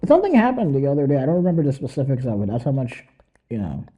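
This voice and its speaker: A man's voice: mid-range voice, wildly swooping pitch, fairly quick, mellow, husky. A young man hosting a podcast alone, rambling in casual, profane commentary that mocks and laughs often. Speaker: podcast host.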